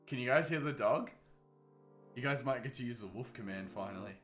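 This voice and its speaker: A man's voice: mid-range voice, a little fast, fairly bright tone. A young man chatting casually on a gaming livestream. He rambles, swears freely and reads chat aloud. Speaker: gaming streamer. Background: background music.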